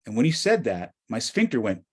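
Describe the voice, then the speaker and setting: This guest speaker is a middle-aged man from the United States with an American accent, spinning animated stories. His mid-range voice is a little fast with a breathy edge, and it swings from soft asides to near-shouts.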